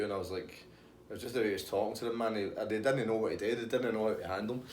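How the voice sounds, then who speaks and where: A man's voice: fairly low pitch, steady tone, fast, darkish tone, echoey room, a little hiss or hum. Colloquial man telling a story. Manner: laughing, swearing, colloquial. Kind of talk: casual anecdote.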